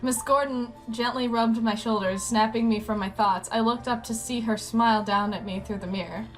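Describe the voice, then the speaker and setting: A woman's voice: on the high side, steady tone, moderate pace, soft background music. Woman reading a visual novel aloud. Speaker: game player, reader.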